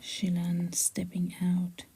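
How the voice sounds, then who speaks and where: A woman novelist reading her draft aloud on a livestream, soft and often whispered, stopping to fix her wording. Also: on the low side, monotone, slow pace, creaky, breathy edge, rough recording.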